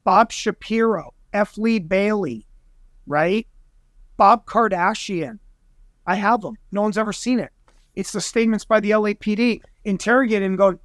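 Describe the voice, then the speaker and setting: A man guesting on a podcast, telling a story in an excitable, rambling way and acting out other people's voices. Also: high voice, moderate pace, dry recording, studio quality. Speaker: guest investigator. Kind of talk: animated storytelling in conversation.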